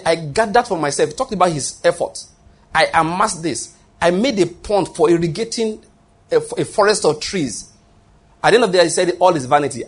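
A man's voice: high voice, slightly rough. A man preaching a sermon, emphatic and repetitive, often restarting his phrases.

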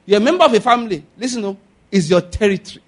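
Husky-voiced Nigerian man preaching. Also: sits high, lively intonation, racing. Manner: emphatic, repetitive exhortation with frequent chuckles. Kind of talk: sermon.

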